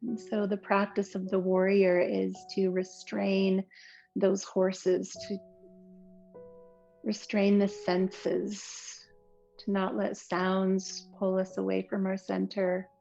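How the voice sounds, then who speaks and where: Calm yoga teacher lady, super slow and soothing, bit muffled w/ faint music. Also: medium pitch, gravelly. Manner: slow, soothing, gentle cues. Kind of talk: guided yoga and relaxation instruction. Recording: slightly muffled recording with soft instrumental music.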